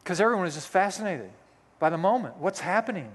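A man's voice: sits high, big pitch swings, fast, slightly rough. A male pastor in his sixties preaching a sermon, telling a personal story with folksy, self-deprecating humor. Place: church sanctuary. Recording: long hall reverb.

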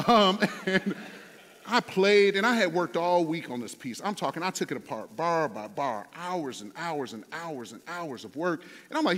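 A man's voice: a little high, animated, brisk, a bit bright. A man preaching a sermon as a pastor, telling a story in a conversational way with many fillers. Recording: long hall reverb.

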